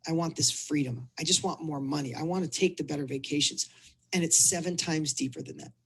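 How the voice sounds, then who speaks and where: A middle-aged man, a coach, telling a personal story in a casual interview, animated and acting out the dialogue. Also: fairly high pitch, fairly quick, husky. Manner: animated storyteller, acts out dialogue, repeats words. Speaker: business and fitness coach telling his story.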